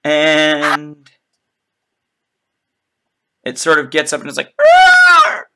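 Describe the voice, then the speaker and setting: A man narrating a tabletop game as game master, unhurried and a little hesitant. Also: fairly high pitch, completely flat delivery, background noise.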